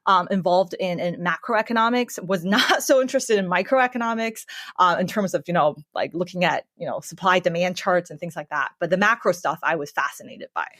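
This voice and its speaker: A woman's voice: on the low side, fairly quick, a bit bright, no room sound, clean studio sound. A young woman from Canada, a podcast guest answering interview questions in a chatty way with many fillers.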